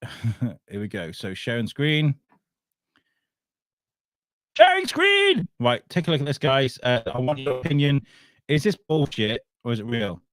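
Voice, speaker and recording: A man's voice: mid-range voice, moderate pace, dry recording. A man hosts a loose, casual chat show. He rambles through his story, swears freely and laughs often. The sound is dry and close. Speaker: podcast host.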